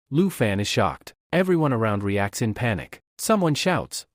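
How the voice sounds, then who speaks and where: A man narrating a comic recap in a lively reading voice and speaking every character's lines. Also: medium pitch, moderate pace, hardly any pauses, no echo, studio quality.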